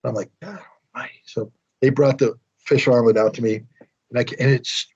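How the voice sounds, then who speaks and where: A man's voice: mid-range voice, fairly even intonation, fairly quick, a little mellow, husky. A middle-aged American man telling a long, self-mocking anecdote in casual interview talk. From United States. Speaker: guest telling a story. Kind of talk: casual storytelling. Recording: dull lo-fi audio.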